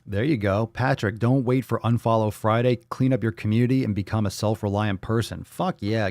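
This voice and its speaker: A man's voice: lowish voice, steady tone, a little fast, few pauses, a little mellow, no room sound. A man hosting a livestream podcast, talking bluntly and profanely in a fired-up, casual way.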